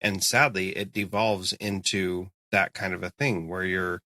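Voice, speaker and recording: A man hosting an education podcast, responding to his guest in a measured, conversational way. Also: low voice, fairly even intonation, sharp tone, dry recording. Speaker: podcast host. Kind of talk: casual interview conversation.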